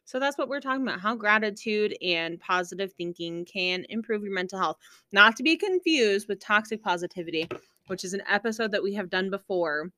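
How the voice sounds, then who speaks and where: A young woman co-hosting a podcast in casual chat, giggly and animated when telling stories. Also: medium pitch, brisk, dry recording. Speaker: podcast co-host.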